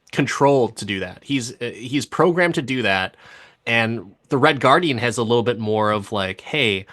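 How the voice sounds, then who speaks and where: A man co-hosting a podcast, chatting casually and eagerly about episodes he enjoyed. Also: mid-range voice. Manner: enthusiastic, animated, quick to laugh. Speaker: podcast co-host. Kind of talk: casual review chat.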